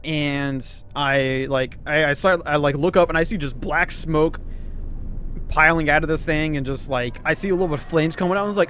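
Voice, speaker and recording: A man's voice: a little high, lively intonation, brisk, fairly bright tone. A young man telling a rambling story in casual chat, swearing, laughing often and full of fillers. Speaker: storyteller host.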